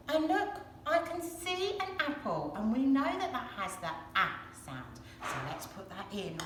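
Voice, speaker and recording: English female teacher for a phonics video: wildly animated pitch, slow careful delivery, faint room hum. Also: reverberant. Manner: sing-song, animated, encouraging. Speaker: early years teacher. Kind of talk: phonics lesson for young children.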